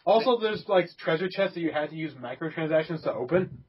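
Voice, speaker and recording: A man's voice: on the high side, animated, fairly quick, slightly rough. A young man hosting a casual gaming podcast, rambling with lots of fillers, restarts and laughs. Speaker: podcast host. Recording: dull lo-fi recording.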